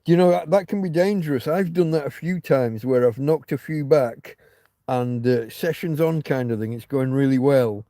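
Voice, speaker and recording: Mid-range and dark in tone, this middle-aged livestream host's voice moves at a moderate pace in a dry studio recording. His talk rambles as he keeps interrupting himself and restarting, with casual swearing mixed in.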